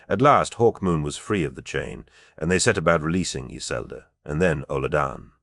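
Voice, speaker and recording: Very deep-voiced male audiobook narrator. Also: normal speed, gravelly, fairly bright tone, dry recording, studio quality. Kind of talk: scripted narration.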